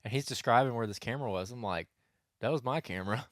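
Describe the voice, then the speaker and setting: A man's voice: mid-range voice, quick pace, dry recording, clean studio sound. Rambling man telling a hunting story. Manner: rambling storyteller, many restarts and asides. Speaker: podcast co-host. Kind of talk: casual hunting podcast chat.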